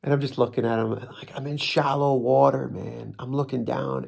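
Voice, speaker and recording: Gravelly New Jersey man telling a story. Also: medium pitch, normal speed, a little mellow. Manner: rambling, self-mocking, frequent restarts and laughs. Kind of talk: casual comic storytelling.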